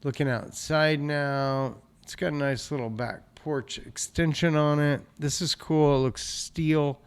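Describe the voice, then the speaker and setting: A man hosting a real estate show, casually thinking aloud as he comments on photos of a property, often pausing to clear his throat. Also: a little high, steady tone. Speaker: real estate investor host.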